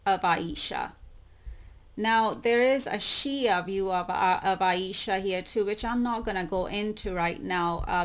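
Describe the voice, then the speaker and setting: A woman hosting her own channel, reading web articles aloud and commenting on them, repeating words she wants to stress. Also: medium pitch. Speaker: YouTube channel host.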